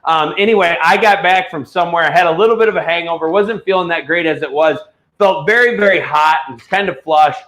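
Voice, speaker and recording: A man hosting a live online auction, telling a rambling, profane story before pitching items. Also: a little fast, fairly bright tone. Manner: rambling, ranting storyteller who swears freely. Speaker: livestream auction host. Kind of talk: casual livestream chat and product pitch.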